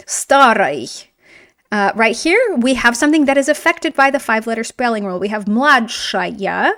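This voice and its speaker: A woman teaching a grammar lesson in a lively, chatty way, with playful asides and frequent teacherly check-ins. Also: fairly high pitch. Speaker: Russian language teacher.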